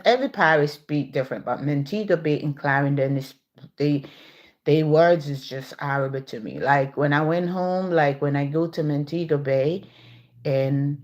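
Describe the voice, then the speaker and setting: Low-voiced Jamaican woman chatting. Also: moderate pace. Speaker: livestream host. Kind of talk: casual chat.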